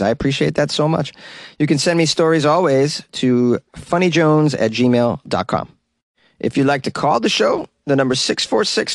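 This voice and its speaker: A man's voice: medium pitch, creaky, dry recording, clean studio sound. A man from the Boston area hosting a comedy news podcast, talking in a sarcastic, joking way and laughing at his own lines. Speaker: podcast host. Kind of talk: casual comedic monologue.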